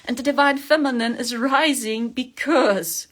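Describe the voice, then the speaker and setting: Woman, fairly high voice, earnest coaxing spiritual talk, laughs often. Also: unhurried. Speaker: spiritual livestream host.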